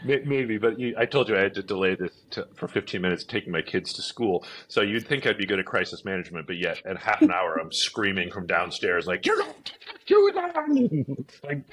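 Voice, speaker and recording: A middle-aged man, a company executive, chatting casually in an interview, filling his stories with "like" and "you know" and acting out shouted quotes. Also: low voice, brisk, hardly any pauses. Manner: chatty, many fillers, acts out shouted quotes. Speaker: events company CEO, podcast guest.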